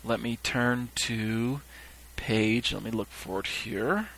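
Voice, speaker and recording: A man's voice: mid-range voice, takes it slowly, fairly bright tone, no room sound, low-quality recording. A man giving a podcast Bible teaching who reads scripture and his commentary aloud. He searches his notes with fillers and grows emphatic as he explains.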